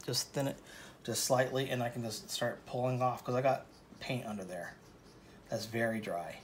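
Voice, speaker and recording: A man's voice: medium pitch, fairly even intonation, normal speed, slight background noise. Rambling, joking male painting teacher. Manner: rambling, joking and self-deprecating. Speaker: painting instructor. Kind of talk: casual painting tutorial talk.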